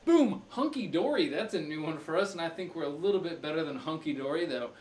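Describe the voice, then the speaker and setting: A man's voice: fairly high pitch, quick pace, slight background noise. Rambling man thinking aloud at a crossword. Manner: thinks aloud with many fillers and restarts. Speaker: streamer solving crosswords. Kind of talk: casual live-stream chat.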